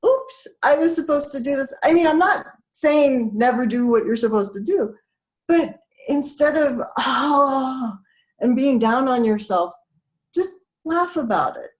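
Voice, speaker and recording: A woman's voice: high-pitched, animated, normal speed, a little mellow. A woman speaker guiding a laughter exercise, upbeat, breaking into laughter and cheers. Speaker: self-care speaker.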